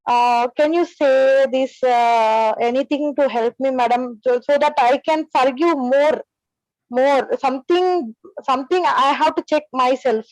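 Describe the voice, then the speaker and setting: A high-voiced woman speaks in a dry, close sound over a video call. She talks haltingly and keeps pausing and starting her sentences over. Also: no room sound, rough recording. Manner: hesitant, full of pauses and restarts. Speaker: participant asking a question. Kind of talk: halting spoken question in online class.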